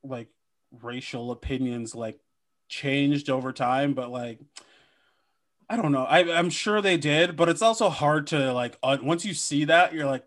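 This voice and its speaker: A man's voice: mid-range voice, a little slow. Riffing man on a comedy podcast. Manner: animated riffing, slips into mock voices. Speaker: podcast co-host. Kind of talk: casual comedic chat.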